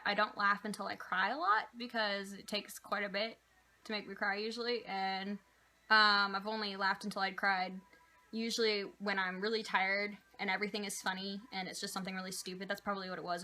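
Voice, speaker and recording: A young woman talks casually to her viewers, rambling from one answer to the next with plenty of fillers. Her voice is bright and clear, sitting at an ordinary pitch for a woman. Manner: chatty, rambling, with many "like" and "um" fillers. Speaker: vlogger answering viewer questions. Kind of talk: casual chat.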